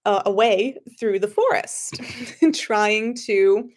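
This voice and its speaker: A woman's voice: mid-range voice, animated, slow. A woman, the author of the story, who gives a chatty summary with fillers and restarts and then reads her story aloud. She is slightly sniffly and not a professional narrator. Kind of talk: casual story introduction and reading.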